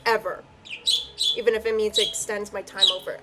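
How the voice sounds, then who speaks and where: A woman's voice: mid-range voice, level tone, brisk, pauses often, heavy background noise. A woman giving a heartfelt solo spiritual reading, earnest and emotional, her voice close to tears at times. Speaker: tarot and I Ching reader.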